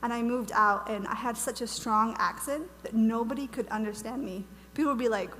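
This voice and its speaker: A woman's voice: fairly high pitch, a little fast, hardly any pauses, pushed and bright. Chatty young woman in a hall. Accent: American, lost her Welsh accent. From Wales. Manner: bubbly, chatty, many fillers and restarts. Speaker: guest speaker. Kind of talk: casual testimony talk at a conference. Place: church hall. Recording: reverberant hall, faint hum.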